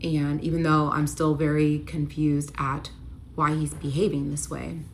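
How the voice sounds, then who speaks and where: Young woman, lowish voice, casual storytime vlogger who voices the quoted lines, light room noise underneath. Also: a little slow. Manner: animated retelling, quoting both sides in voices.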